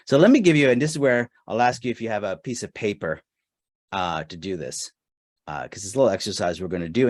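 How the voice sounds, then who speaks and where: A man's voice: low voice, no echo, clean studio sound. A man running a live online customer service training, talking casually and reading chat answers aloud with many fillers. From Canada. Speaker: webinar trainer.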